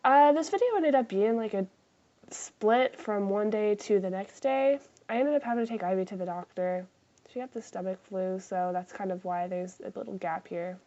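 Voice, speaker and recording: A woman in a craft vlog chats casually, making fun of herself and swearing freely, and drops into a whisper for asides. Her voice is medium-pitched and warm at normal speed, and the audio sounds dull.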